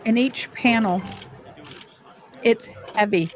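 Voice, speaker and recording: A woman's voice: fairly high pitch, takes it slowly, slight background noise. An older American woman hosting a live stream, chatting casually with viewers and a caller while showing clips. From United States. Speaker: livestream host.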